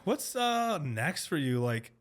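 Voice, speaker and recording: A man's voice: a little high, sing-song, slow, smooth. A bilingual man hosting a casual podcast chat, talking loosely and full of slang like bro and dude. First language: bilingual, also speaks Spanish. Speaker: podcast host.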